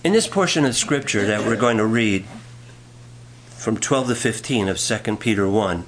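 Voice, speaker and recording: Lively, folksy male preacher. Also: on the low side, moderate pace, slight background noise. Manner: folksy storytelling with jokes and scripture reading. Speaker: pastor. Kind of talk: sermon.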